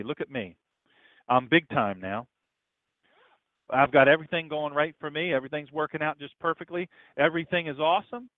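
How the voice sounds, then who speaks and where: A man's voice: mid-range voice, no room sound. Preaching man on a tinny line. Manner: conversational preaching, rhetorical questions, swings from loud to hushed. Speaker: pastor. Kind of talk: sermon. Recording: tinny, phone-like dry recording.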